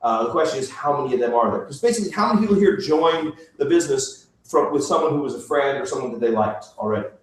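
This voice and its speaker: A man's voice: medium pitch, animated, fast, few pauses. Chatty joking man in an echoey room. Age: middle-aged. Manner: chatty, self-mocking, laughs often, lots of fillers. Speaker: presenter at a business opportunity meeting. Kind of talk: casual joking talk to a room. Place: meeting room. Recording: echoey room, voice far from the mic.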